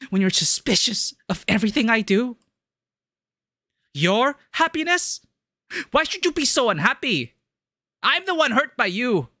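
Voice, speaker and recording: A hurt young adult daughter pleads and defends herself against her mother, as a streamer reads her lines. The voice is bright and clear, recorded close and dry. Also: mid-range voice, dry recording, voice pushed up.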